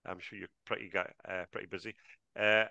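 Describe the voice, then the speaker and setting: A man's voice: deep voice, level tone, fairly quick, gravelly, sharp tone, dry recording, lo-fi sound. A man hosting a live online trading class over a video call, chatty and greeting each attendee by name.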